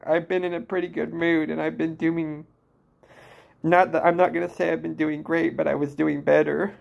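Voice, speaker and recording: Brief: distressed young man, twenties, creaky low-key voice, halting confessional vlog delivery. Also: little pitch movement, a little mellow. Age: 20s. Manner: halting, full of restarts and fillers, downcast. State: emotionally distressed. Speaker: vlogger. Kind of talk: personal venting monologue.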